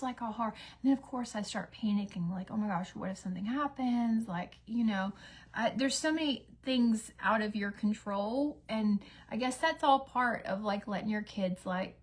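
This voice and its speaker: With a medium-pitched voice that has a breathy edge, a woman in her thirties talks through a casual get-ready-with-me session at home. She's a beauty vlogger who rambles, uses lots of fillers, and acts out snippets of dialogue.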